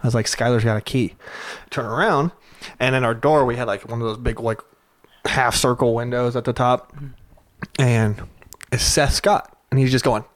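A man's voice: medium pitch, steady tone, normal speed, pauses often. A young man telling a rowdy drinking story in casual chat, laughing often and swearing freely.

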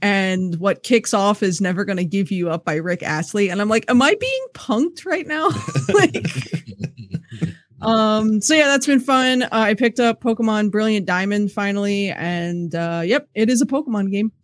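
A woman's voice: medium pitch, normal speed, hardly any pauses, dry recording. Easygoing female podcast co-host, casual and chatty, dry close sound. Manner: laid-back, chatty, swears and laughs easily.

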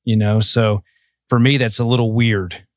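A man's voice: on the low side, little pitch movement, moderate pace, no room sound, clean studio sound. A man co-hosting a podcast, talking earnestly and reflectively about parenting, with some self-deprecation. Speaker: podcast co-host. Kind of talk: casual podcast chat.

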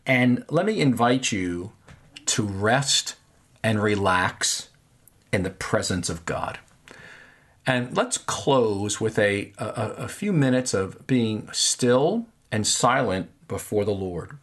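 A man leading a guided prayer meditation, speaking gently with long pauses and soft trailing endings. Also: on the low side, animated. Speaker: pastor. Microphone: podcast microphone.

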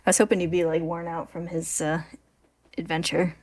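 A woman's voice: lowish voice, level tone, brisk, darkish tone. A woman co-hosting a podcast in casual chat, with dry jokes and easy laughter. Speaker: podcast co-host.

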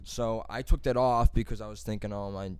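Fast, profane man telling a story. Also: on the low side, steady tone, smooth, no echo. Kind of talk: casual storytelling among friends.

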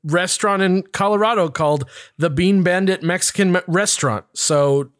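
A man's voice: high-pitched, normal speed. A man co-hosting a casual podcast, joking in a playful, mock-serious way. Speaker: podcast co-host. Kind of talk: casual chat.

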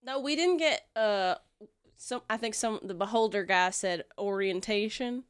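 A woman playing a tabletop game, blunt and quick to swear in casual chat. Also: mid-range voice, clean tone, no room sound, clean studio sound. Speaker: player.

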